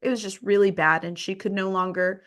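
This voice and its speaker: A woman podcast host, telling a story in casual conversation and acting out the quoted exchanges. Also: brisk. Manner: animated, acts out quoted exchanges with rising pitch.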